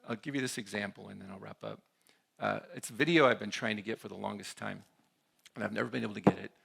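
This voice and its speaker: A man's voice: lowish voice, steady tone, fast, gravelly, fairly bright tone, breathy edge. A man giving a conversational talk at a church conference, often checking in with the audience. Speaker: conference speaker.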